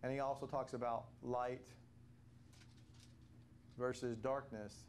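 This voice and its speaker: A man's voice: medium pitch, flat delivery, takes it slowly, slight background noise. An older man leading a casual Bible study reflection, telling stories in a rambling way with many restarts.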